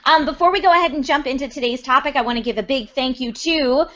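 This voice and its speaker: A woman's voice: high voice, fast, a bit bright, highs cut off. A woman hosting a casual chat show, bubbly and upbeat. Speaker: podcast host.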